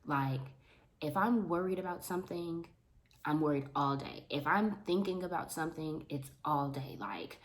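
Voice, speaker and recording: A young adult woman chatting casually to the camera in an animated way about her work as a teacher's aide. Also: low voice, normal speed. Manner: animated, talks with her hands. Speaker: vlogger, school paraprofessional. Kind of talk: casual vlog chat to camera.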